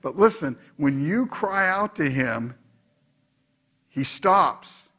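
A male pastor takes his time preaching, addressing the congregation with animated exhortation. His slightly raised, husky voice swings broadly in pitch, sinking for whispered asides and soaring as he insists on his points.

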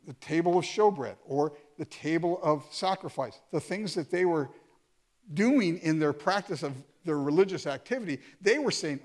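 A man's voice: a little high, animated, moderate pace. A man preaching a sermon, reading scripture aloud and explaining it with pointed, sarcastic asides.

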